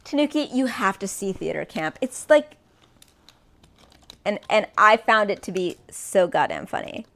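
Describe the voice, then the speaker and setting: A woman's voice: mid-range voice, sing-song, measured pace, fairly bright tone. A woman streaming live, chatting casually and rambling playfully, a little tipsy, breaking into snatches of song.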